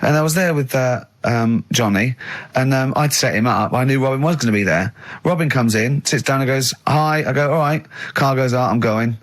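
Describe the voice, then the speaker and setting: A man hosting a casual chat, telling a story in an animated way with frequent laughter. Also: medium pitch, moderate pace. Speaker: host.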